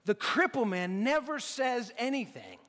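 A man's voice: extremely high pitch, sing-song, a little slow, a bit bright, long reverb tail. A man preaching a sermon in a conversational way, often restarting his sentences. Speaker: pastor.

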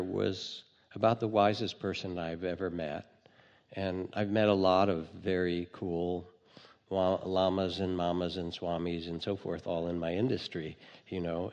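Male meditation teacher, gentle and wry, gravelly timbre, recorded in a hall with a long reverb tail. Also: deep voice. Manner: gentle storytelling with light humor. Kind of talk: dharma talk.

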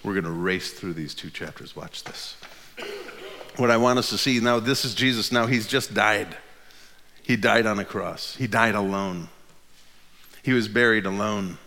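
A man's voice: mid-range voice, sharp tone. A man preaching a sermon as pastor, reading scripture aloud and then preaching with mounting intensity into a handheld microphone. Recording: long hall reverb.

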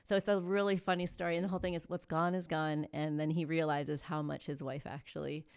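A woman guest talks in a casual podcast interview. She tells stories in an animated, upbeat way. Her voice is low for a woman. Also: a little fast, clear, resonant tone. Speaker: yoga studio co-founder, guest.

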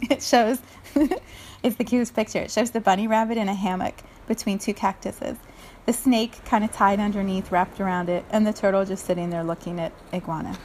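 A woman's voice: mid-range voice, normal speed, a little mellow. A woman reading a children's picture book aloud, laughing often and chatting about the pictures between passages. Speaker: read-aloud storyteller.

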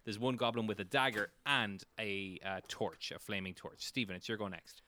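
A man's voice: lowish voice, normal speed, sharp tone, slight background noise. A man running a tabletop game as game master, narrating casually with fillers and swearing. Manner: rambling, profane, many fillers.

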